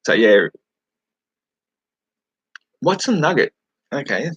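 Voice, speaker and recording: A man's voice: medium pitch, big pitch swings, takes it slowly, fairly bright tone, slightly rough, no room sound, dull audio. An Australian man from New South Wales hosting a casual live chat over a webcam, rambling, swearing freely and laughing at his own remarks. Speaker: live-stream host.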